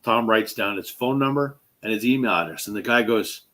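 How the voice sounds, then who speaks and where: The fairly low-voiced man hosting this easygoing chat speaks fairly quickly. He narrates a story with energy, slipping into character voices for those he quotes, and keeps restarting and using filler words.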